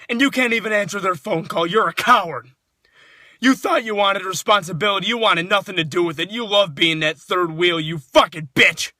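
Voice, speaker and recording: A man with a very high, piercing voice tears into his targets in a furious, profanity-laced rant. He shouts through much of it, sounding sharp and tense, recorded very dry and close. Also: moderate pace, no room sound. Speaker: sports fan. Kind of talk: angry rant to camera.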